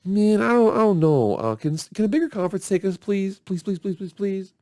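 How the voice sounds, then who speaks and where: A man's voice: high voice, animated, a little fast, a little mellow, no echo, studio quality, voice pushed up. A man putting on a whiny, stammering voice for an anxious college program begging to be taken in. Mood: pleading.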